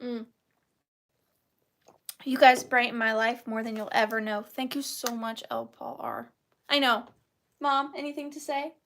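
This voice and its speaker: A woman's voice: on the high side, lively intonation, unhurried, long pauses, a bit bright, slight background noise. A woman hosting a live online vintage sale, chatting casually and rambling with playful wordplay. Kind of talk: casual live-stream chat.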